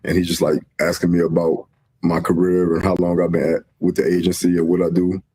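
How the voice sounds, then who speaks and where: A laid-back man recounting events in a casual interview. His voice sits very low and dark, with a husky edge. He keeps a flat, even delivery. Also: fairly quick. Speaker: interview guest, dancer.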